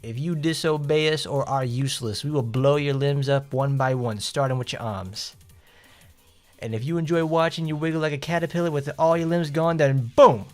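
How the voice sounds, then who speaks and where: A man's voice: a little high, normal speed, darkish tone, soft background music, natural voice. A man voicing a cruel, mocking male soldier who gloats over his captives in a game story. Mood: gloating.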